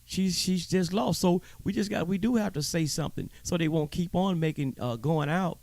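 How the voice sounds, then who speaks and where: Here a man with a high-pitched, somewhat dark voice hosts his own show at a moderate pace. He rants through a profane, fiery commentary, stammering and repeating himself as he preaches his points. The recording carries no room sound.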